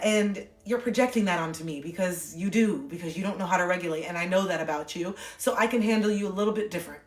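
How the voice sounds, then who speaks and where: A woman's voice: on the low side, fast, few pauses. Woman, earnest heartfelt livestream talk, casual swearing, phone mic, roomy echo. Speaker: livestream host. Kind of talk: candid livestream monologue.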